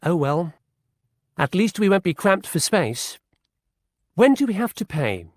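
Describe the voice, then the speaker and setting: A man's voice: high-pitched, big pitch swings, unhurried, no echo. An actor playing a polite male school organizer who books a coach, in a scripted exam dialogue with a formal, courteous manner. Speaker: school staff member booking a coach. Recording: dry studio recording.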